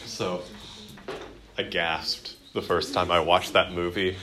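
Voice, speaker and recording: A man leads a Bible class in a classroom, chatting with his students and joking between points. His voice is bright and forceful, pitched a little low, and he leans on fillers and quick restarts. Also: steady tone. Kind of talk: classroom teaching with joking asides.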